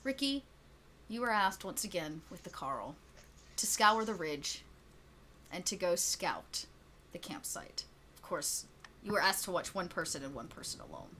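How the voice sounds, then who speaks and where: Woman running a tabletop game, chatty storyteller, bright tone. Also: fairly low pitch, expressive, measured pace, pauses often, slight background noise. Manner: chatty, laughs often, many fillers. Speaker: game master.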